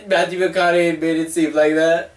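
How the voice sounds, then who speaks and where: A man's voice: a little high, flat delivery, moderate pace, far from the mic. A young man bantering and joking in a casual chat. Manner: giggly, jokey banter. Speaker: co-host. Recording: echoey room, voice from off-mic.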